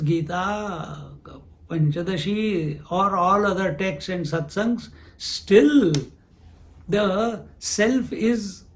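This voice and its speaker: A man giving a spiritual discourse, unhurried, who asks questions and answers them himself. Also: high voice. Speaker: spiritual teacher.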